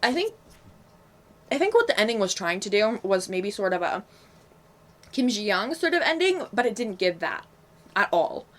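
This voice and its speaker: A woman's voice: medium pitch, big pitch swings, normal speed, pauses often, fairly bright tone. A young woman casually reviewing books she read, chatty and frank with lots of fillers and asides. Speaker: book vlogger. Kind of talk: casual book review vlog.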